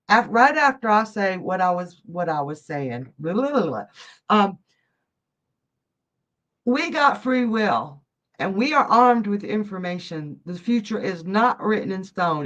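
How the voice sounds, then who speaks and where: A woman's voice: medium pitch, a bit bright, dull audio. A woman from Georgia, hosting a live psychic stream and chatting effusively with viewers, laughing often. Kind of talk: casual live-stream chat reading viewer comments.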